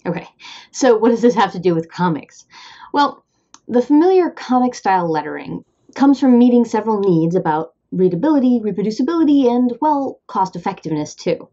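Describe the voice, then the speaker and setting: Midwestern lady hosting an explainer, chatty and upbeat, mellow voice, kinda muffled sound. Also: fairly high pitch, very animated, normal speed. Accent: American Midwestern. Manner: playful, upbeat, with asides. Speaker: host. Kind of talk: scripted educational explainer.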